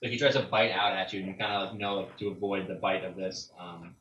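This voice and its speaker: A man's voice: low-pitched, steady tone, fast talker, fairly bright tone, dull audio, a little hiss or hum. A man narrating as game master in a casual, rambling way, full of "like"s, recorded in an echoey room from a distance. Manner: casual, filler-heavy narration with many "like"s.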